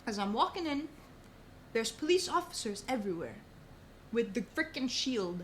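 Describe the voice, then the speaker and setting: A young woman, a podcast guest, telling a story in casual chat, animated and swearing often. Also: a little high, normal speed, a little hiss or hum. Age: young adult. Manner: animated, swears a lot, says "bro" often.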